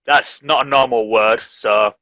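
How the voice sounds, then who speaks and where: A man's voice: medium pitch, steady tone, measured pace, sharp tone, dry recording, low-quality recording. A man from Leeds, a teacher chatting casually and laughing often on a live stream. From Leeds, England. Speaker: English teacher, host. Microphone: video call.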